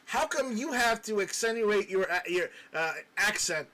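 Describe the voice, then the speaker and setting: A man's voice: high voice, expressive, normal speed, pushed and bright. A man hosting a casual livestream, chatting with a co-host and reading viewer comments aloud, often repeating words as he restarts. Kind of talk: casual live-stream chat.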